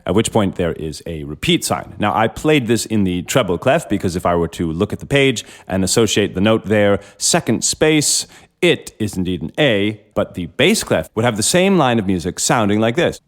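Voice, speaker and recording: A man's voice: lowish voice, very animated, fairly quick, hardly any pauses. A man hosting a music lesson, patiently explaining step by step while he plays a keyboard. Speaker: music educator and host. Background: harpsichord playing.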